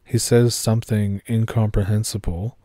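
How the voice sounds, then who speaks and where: A man narrating a horror story in a steady, measured way. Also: on the low side, dry recording, clean studio sound.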